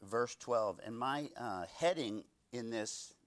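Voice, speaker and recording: A man's voice: medium pitch, takes it slowly. A man in his thirties leading a Bible study, preaching conversationally through personal stories and often asking his listeners "right?".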